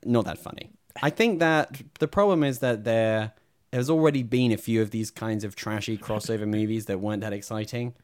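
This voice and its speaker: Low-voiced wry man chatting. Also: fairly quick, clear, resonant tone. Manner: wry, chatty, laughs often. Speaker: podcast co-host. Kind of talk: casual film chat.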